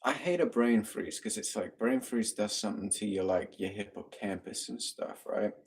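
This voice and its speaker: Low-voiced man, chatty live-streamer. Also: moderate pace. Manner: upbeat, laughs often, talks to his dogs. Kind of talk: casual live-stream chat reading comments.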